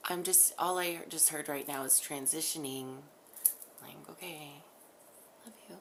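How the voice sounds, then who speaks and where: A woman's voice: low voice, steady tone, normal speed, creaky, a little hiss or hum. A woman spiritual channeler chatting casually, rambling and giggling. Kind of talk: casual chat after a channeling.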